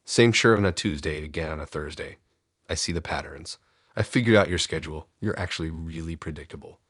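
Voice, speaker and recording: A man's voice: a bass voice, brisk, fairly bright tone, breathy edge, no echo, studio quality, exaggerated voice. A man reading a sweetly obsessive young woman stalker. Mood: playfully teasing.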